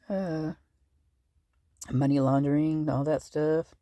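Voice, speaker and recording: A true-crime channel host with a low, warm voice and a breathy edge reads a legal document aloud, recorded with no room sound. Her delivery is casual and rambling, packed with fillers and self-corrections.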